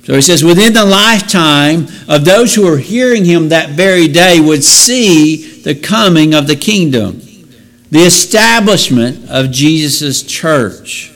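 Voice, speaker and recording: A man's voice: fairly high pitch, animated, measured pace, fairly bright tone. A man teaching a Bible lesson in an explanatory way, asking rhetorical questions and correcting himself as he goes. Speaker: preacher.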